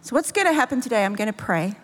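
A woman's voice: on the high side, big pitch swings, rapid-fire. A woman preaching a sermon in a church, making emphatic, repeated declarations and leading a closing prayer. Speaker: pastor, guest preacher. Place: large church auditorium. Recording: long reverb of a big church hall.

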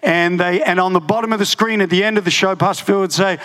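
A man preaching a sermon, telling a personal story with lively humor and frequent laughter. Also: high-pitched, fast talker. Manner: animated storytelling, laughing often. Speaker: pastor.

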